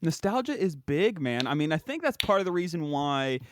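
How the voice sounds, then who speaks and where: A man's voice: fairly high pitch, very animated, normal speed, no echo. Laid-back young man with a dry close sound. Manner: laid-back, says "man" and "dude" a lot, laughs easily. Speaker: podcast host. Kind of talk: casual podcast chat.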